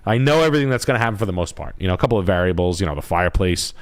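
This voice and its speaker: A man hosting a live stream, rambling in crude, joking talk that comes out in quick bursts. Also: low voice, animated. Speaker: livestream host, realtor.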